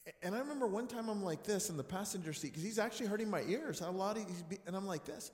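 A high-voiced man preaches with lively, swooping pitch, telling stories and acting out dialogue. He swings from loud bursts to near-whispers. The sound carries a long, echoing reverb from a church hall. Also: fast talker. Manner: animated, acts out dialogue, swings loud and soft. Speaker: pastor. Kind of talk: storytelling sermon. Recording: echoey room with long reverb.

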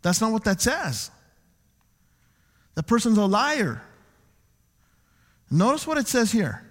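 A man's voice: sits high, takes it slowly. A pastor preaching a sermon to his church, acting out the people he quotes. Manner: animated preaching, acts out quoted voices. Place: church sanctuary. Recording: long church hall reverb.

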